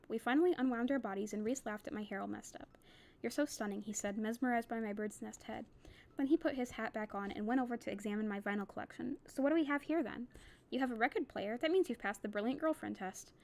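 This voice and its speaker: A young woman reads a novel aloud, keeping the narration steady and plain. Her voice sits a little high, and she drops into relaxed, chatty asides between passages. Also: quick pace. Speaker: reader.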